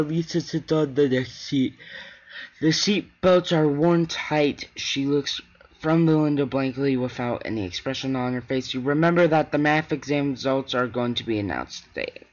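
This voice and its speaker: Brief: male gamer reading on-screen horror text aloud, halting, muffled low-fi sound. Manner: halting, with frequent restarts and stumbles. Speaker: gaming channel host.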